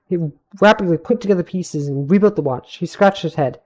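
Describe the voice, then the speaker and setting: A man's voice: high voice, a little fast, a little mellow. Stumbling young man reading his own story. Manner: stumbling, self-correcting reading with asides. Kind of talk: live read-through of a fantasy story. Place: home streaming setup.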